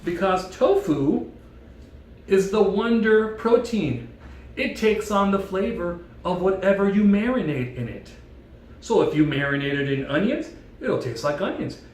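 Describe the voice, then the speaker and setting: A man giving a playful devotional talk with props, telling a story in a jokey, animated way. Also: high-pitched, normal speed, slight background noise. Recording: echoey room, mic at a distance.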